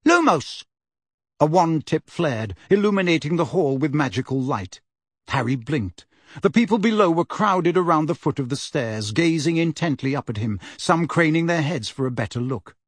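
A man reading a fantasy storybook aloud in an expressive, animated narration. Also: a little high, normal speed, breathy edge, dry recording. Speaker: audiobook narrator.

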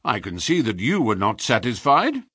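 Man voicing a steady, curious companion. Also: medium pitch, moderate pace, breathy edge, dry recording, clean studio sound.

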